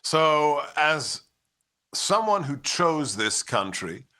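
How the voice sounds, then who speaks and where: A man's voice: a little high, very animated, extremely slow. A middle-aged man who immigrated to the United States, giving emphatic political commentary as a guest, telling stories and driving his points home. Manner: forceful, rhetorical, with storytelling and impressions.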